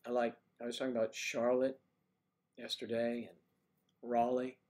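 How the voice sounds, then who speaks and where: A man's voice: medium pitch, flat delivery, moderate pace, darkish tone. Joking man chatting on a livestream. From Washington DC area, USA. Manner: joking, chatty, teasing the audience. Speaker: livestream host reading chat. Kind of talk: casual livestream chat.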